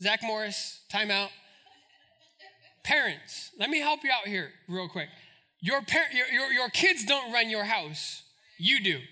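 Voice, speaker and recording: A pastor preaching a sermon in an animated, joking, storytelling way. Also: male voice, high voice, unhurried.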